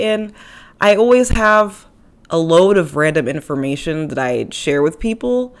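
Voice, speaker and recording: A woman's voice: sits low, animated, a little slow. A young woman hosting her own podcast, talking casually into a microphone with playful, self-deprecating asides. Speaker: podcast host. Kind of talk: casual solo podcast talk. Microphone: studio microphone.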